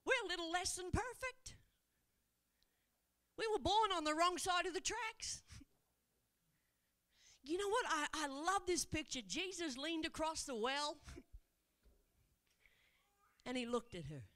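Bright-voiced woman evangelist preaching. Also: very high voice, a little slow, long pauses. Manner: animated storytelling preaching with rhetorical questions. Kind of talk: sermon. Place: church.

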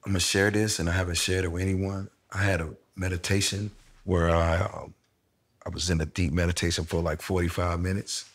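Middle-aged man, very low and even delivery, reflective casual storyteller. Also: brisk. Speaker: interviewee sharing a personal story. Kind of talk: candid conversation.

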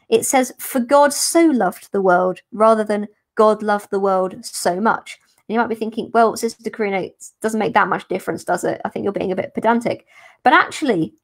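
A woman, a religious sister, explaining a gospel passage in a careful, unhurried teaching manner for a podcast. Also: a little high. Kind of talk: podcast scripture commentary.

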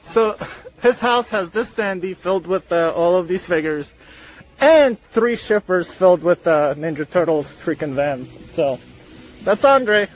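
Joking guy vlogging in a store aisle, high voice, rambly and playful, handheld cam. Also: expressive, measured pace. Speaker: host. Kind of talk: casual vlog chat. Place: big retail store aisle.

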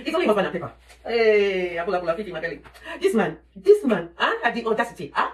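A woman plays a loud, crude mother, ranting and exclaiming at her daughter. Her voice rises and falls with lively swings. It sounds recorded in an echoey room, a little away from the mic. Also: medium pitch, fast talker, recorded from a distance, natural voice. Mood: complaining. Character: loud bawdy middle-aged mother on the toilet. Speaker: comedic mother character. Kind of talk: comedy sketch acting.

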